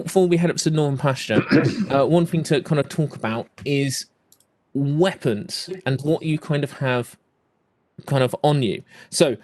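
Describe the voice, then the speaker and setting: A man's voice: a little high, a little mellow, no echo, clean studio sound. A man narrating as game master, describing scenes and rules with plenty of ums and "kind of".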